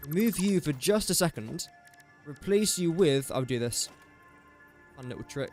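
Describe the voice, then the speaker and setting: English streamer thinking aloud over music. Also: male voice, a little high, animated, moderate pace, a little mellow. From England. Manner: thinks aloud, jokey asides to chat. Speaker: gaming streamer. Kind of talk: casual live-stream commentary.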